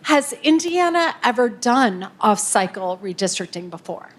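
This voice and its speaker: Brisk polite woman moderator, higher voice. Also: very animated. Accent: American Midwestern. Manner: brisk, polite, reads questions aloud. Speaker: moderator reading audience questions. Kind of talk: moderating a public Q&A. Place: community center meeting room.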